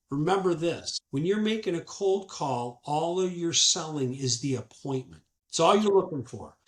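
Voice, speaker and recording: A middle-aged man, a sales professional, telling stories from his career in an animated way and acting out the people he quotes. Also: sits high. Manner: animated, acts out quotes from calls. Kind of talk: conversational storytelling. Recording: echoey room.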